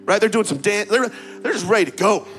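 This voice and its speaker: A male pastor preaching a sermon in a lively, conversational way, often adding "right?" and getting the congregation to repeat words back. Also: sits high, brisk, soft background music. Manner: energetic, conversational preaching with frequent "right?" asides. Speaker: campus pastor.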